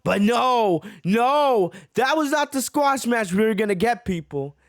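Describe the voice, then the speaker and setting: A man's voice: extremely high pitch, lively intonation, unhurried, no room sound, clean studio sound. A man hosting a wrestling podcast, ranting in a frustrated way that keeps circling back and repeating itself, full of fillers and restarts. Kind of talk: ranting reaction commentary.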